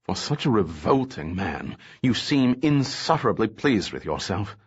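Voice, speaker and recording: A man's voice: lowish voice, big pitch swings, a little slow, breathy edge, dull audio, heavily acted. A man voicing a defiant, sarcastic young woman. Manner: biting, sarcastic. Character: sharp-tongued, defiant young woman captive.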